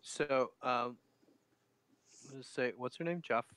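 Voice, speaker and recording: A man playing a tabletop game who speaks casually and hesitantly, often pausing on fillers. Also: mid-range voice, fairly bright tone, clear, resonant tone. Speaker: player.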